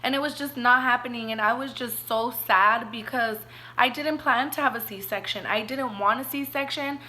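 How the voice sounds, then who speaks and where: A woman's voice: a little high, moderate pace, sharp tone. A young woman vlogger telling a personal story in a chatty, emotional way, often saying "like" and getting teary. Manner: chatty, emotional, heavy use of "like".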